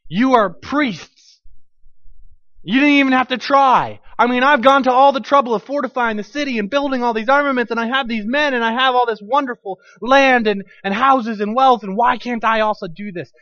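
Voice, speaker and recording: A man's voice: sits high, expressive, normal speed, a bit bright, dry recording. A man voicing a proud, angry warrior king who protests indignantly and raises his voice as he storms about. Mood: furious. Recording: dull lo-fi dry recording.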